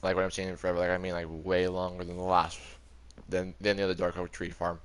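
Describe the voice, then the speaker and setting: A man's voice: low-pitched, completely flat delivery, fast, clean tone. A young man giving a casual, rambling tour of his game world, often correcting himself as he goes. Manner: rambling, chatty, self-correcting. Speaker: gaming video creator.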